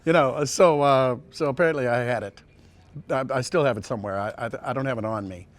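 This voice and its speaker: A male voice actor telling casual anecdotes in an interview, rambling with many restarts and sliding into quick impressions. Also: mid-range voice. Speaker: voice actor guest.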